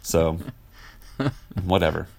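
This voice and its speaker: Forties male actor from Wisconsin, low voice, loose storyteller, lots of ums. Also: completely flat delivery, takes it slowly, vocal fry, over music. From Wisconsin, USA. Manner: rambling, many fillers, laughs often. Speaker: actor guest. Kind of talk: casual interview storytelling.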